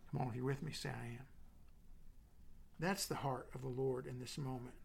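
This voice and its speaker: A middle-aged man preaching a sermon as pastor, dropping to soft whispers and building with emphatic repetition. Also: medium pitch, creaky.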